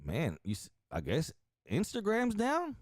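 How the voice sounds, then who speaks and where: A man hosting a casual streamed show, talking excitably and crudely straight to his viewers. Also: fairly high pitch, unhurried, dry recording, clean studio sound. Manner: excitable, profane, addresses viewers directly. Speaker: stream host.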